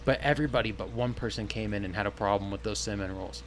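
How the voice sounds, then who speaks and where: A man chatting casually on a podcast, telling an animated story full of swearing and acted-out quotes. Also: lowish voice, fast, background noise. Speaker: podcast co-host.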